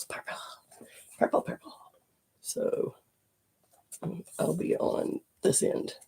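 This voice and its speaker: Face painter rambling on a live stream from a home studio, kinda husky, mellow voice. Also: mid-range voice. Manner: chatty and rambling, drifting into soft asides. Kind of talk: casual live-stream chat while painting.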